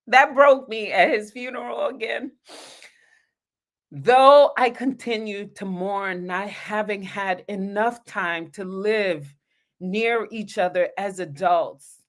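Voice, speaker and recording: A woman pastor reading a heartfelt dedication from her own book on a livestream, talking directly to her viewers. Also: medium pitch.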